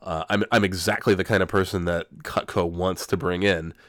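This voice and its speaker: A man's voice: low voice, steady tone, moderate pace, fairly bright tone, dry recording, studio quality. A man in his forties with a cold, telling a rambling, profane story in a casual monologue. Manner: rambling, profane, self-correcting. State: has a cold.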